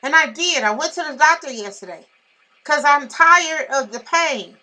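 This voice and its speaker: A woman with a high, bright voice vents straight to camera, blunt and irritated. She is in pain and speaks with heavy emphasis. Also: lively intonation, moderate pace, low-quality recording. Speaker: vlogger. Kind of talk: venting to camera.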